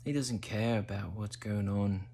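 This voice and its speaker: A man hosting a casual monologue while high, drifting into whispery asides. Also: steady tone, measured pace, creaky, mellow, a little hiss or hum. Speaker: host.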